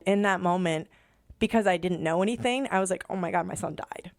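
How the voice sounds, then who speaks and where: A young woman guest in a studio, recounting a hard personal story in an animated way and slipping into the voices of the people she quotes. Her voice sits fairly low for a woman, and the sound is close and dry with no room echo. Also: fairly quick. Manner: animated, acts out remembered dialogue. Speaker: podcast guest.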